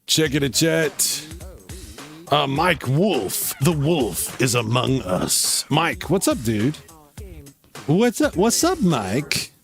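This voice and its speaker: A man's voice: on the high side, very animated, slow, gravelly, faint music behind. A man hosting a casual live gaming stream, chatting and reacting to viewer comments while he plays. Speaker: livestream host.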